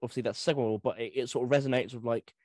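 Relaxed man telling anecdotes. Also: medium pitch, very fast, no room sound. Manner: relaxed anecdotal storytelling with fillers. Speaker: history podcast co-host. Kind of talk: casual conversation.

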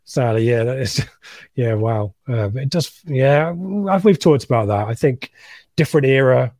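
A man's voice: medium pitch, moderate pace, darkish tone, no room sound, studio quality. A man hosting a casual football chat show, joking and reading out listener comments. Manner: chatty, jokey, reads listener comments. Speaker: podcast host.

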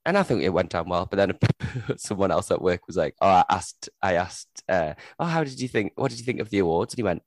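A young man with a fairly low voice chats loosely, laughing often and swearing casually as he tells stories. The sound is close and dry, with no room around it. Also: animated, brisk, few pauses, no room sound. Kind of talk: casual chat.

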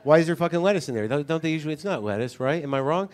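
A man's voice: on the high side, animated, racing. A man hosting a podcast, telling an exasperated, profane story in a casual comedic monologue. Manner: ranting, profane, incredulous storytelling. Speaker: podcast host.

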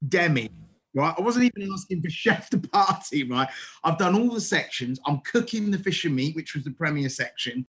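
Animated man telling chef stories. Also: fairly high pitch, normal speed, husky. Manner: animated, acts out quoted dialogue, frequent restarts. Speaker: chef, interview guest. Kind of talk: casual storytelling.

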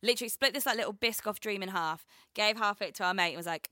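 A woman's voice: mid-range voice, fast talker, hardly any pauses, bright, forceful tone, dry recording, clean studio sound. A young woman co-hosting a podcast in casual chat, laughing often and acting out quotes. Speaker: podcast co-host.

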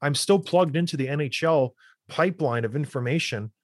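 A podcast host in his thirties, once a hockey player, gets fired up and hammers his points home in an emphatic rant. His brisk voice sits a little high for a man, captured dry and close with no room sound. The talk mixes casual chat with an ad read.

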